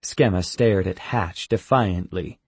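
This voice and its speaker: Slow, husky male audiobook narrator. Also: sits low, no echo.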